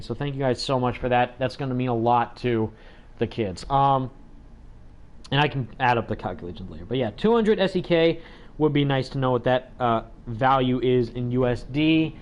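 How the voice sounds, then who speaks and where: A man hosting a gaming livestream, talking in a chatty, rambling way with lots of fillers. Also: mid-range voice. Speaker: livestream host.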